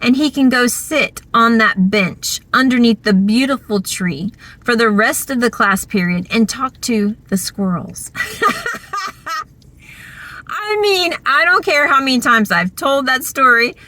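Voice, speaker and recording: A woman vlogger telling a story from her school days in a chatty, animated way, full of fillers. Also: on the high side, measured pace, few pauses. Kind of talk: casual storytelling.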